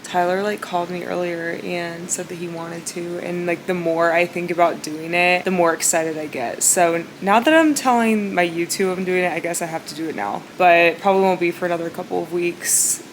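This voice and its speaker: A woman's voice: on the low side, fairly even intonation, normal speed, few pauses, slight background noise. A woman in her twenties, talking to camera in a chatty, upbeat casual vlog from her home kitchen, often saying "like". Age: 20s. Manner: chatty, upbeat, uses "like" a lot. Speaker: vlogger.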